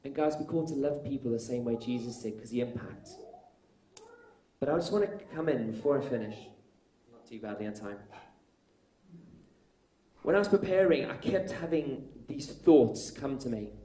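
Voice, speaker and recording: A man preaching a sermon, telling stories earnestly and rising to loud, emphatic peaks. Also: mid-range voice, expressive, moderate pace, long pauses. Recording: echoey room.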